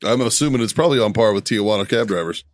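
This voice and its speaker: A man co-hosting a podcast with quick joking interjections, laughing often and swearing. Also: fairly low pitch, expressive, no room sound. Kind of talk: casual bar chat.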